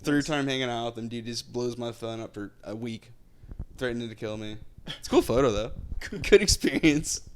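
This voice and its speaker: A young man telling a story in casual chat, swearing often and jumping up high and loud when he acts out shocked reactions. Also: normal speed, slight background noise.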